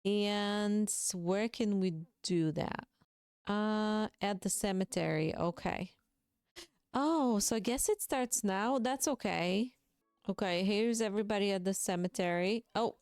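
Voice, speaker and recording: A woman's voice: medium pitch, slow, a little mellow, smooth, no room sound, studio quality. A woman giving casual, chatty commentary over her own gameplay, reacting emotionally and talking to viewers. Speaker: gaming video creator.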